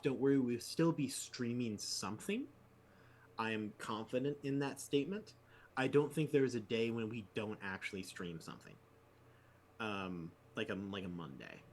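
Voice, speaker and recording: A man co-hosting a tabletop game podcast in casual chat, telling an exasperated story with big jumps in pitch. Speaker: podcast co-host.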